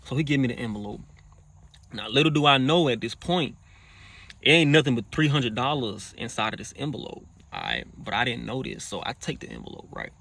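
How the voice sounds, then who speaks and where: A man's voice: medium pitch, sing-song, fairly quick, gravelly, fairly bright tone. A man casually recounting a personal story in profane slang, acting out quoted lines in a raised voice. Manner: profane slang-heavy talk.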